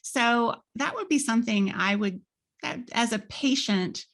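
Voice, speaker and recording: A woman's voice: on the high side, lively intonation, a little slow, creaky, fairly bright tone. A woman hosting a faith podcast, chatting casually, rambling with fillers and restarts. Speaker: podcast host. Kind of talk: casual interview chat.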